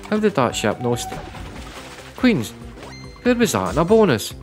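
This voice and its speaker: A man giving live commentary on slot machine spins, chatty and prone to repeating words, breaking into loud excited bursts. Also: a little high, unhurried, soft background music. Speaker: online slots streamer.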